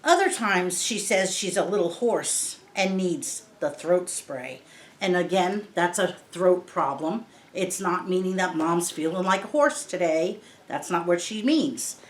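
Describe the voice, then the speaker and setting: A woman reading a picture book aloud to children, patiently explaining each word in simple terms. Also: mid-range voice. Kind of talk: read-aloud lesson for kids. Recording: roomy echo.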